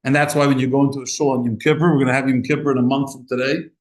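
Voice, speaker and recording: A man preaching as a rabbi, animated and impassioned, acting out short exchanges as he speaks. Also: medium pitch, rapid-fire. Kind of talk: sermon. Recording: echoey room.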